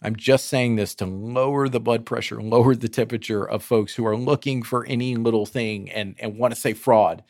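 A man co-hosting a casual roundtable podcast, lively and teasing, with many fillers. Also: medium pitch, moderate pace, hardly any pauses, no echo, studio quality. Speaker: podcast co-host.

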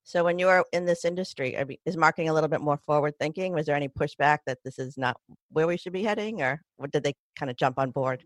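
A woman's voice: low voice, quick pace, hardly any pauses, no room sound. A middle-aged woman hosting an interview, asking long, rambling questions with many restarts. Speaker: podcast host. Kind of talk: casual interview conversation.

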